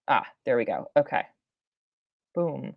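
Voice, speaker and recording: A woman's voice: rumbling low, sing-song, slow pace, vocal fry, no room sound, highs cut off. A woman chatting through a live-stream reaction, rambling with lots of fillers, restarts and laughs. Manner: rambling, many fillers and self-interruptions. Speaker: science streamer.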